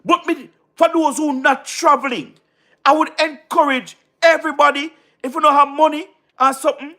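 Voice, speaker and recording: A man from Jamaica with a Jamaican Patois accent, livestreaming casually, giving shout-outs to viewers and repeating himself emphatically. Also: very high-pitched, steady tone, normal speed. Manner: repetitive, keeps asking "you understand what I mean", emphatic. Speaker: YouTube live streamer.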